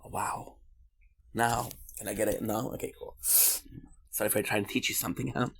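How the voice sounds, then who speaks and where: A man's voice: fairly low pitch, fairly even intonation, normal speed, creaky, a bit bright. A man from Quebec, Canada, in a casual streamer monologue, rambling on goofy side tangents with swearing and jokes.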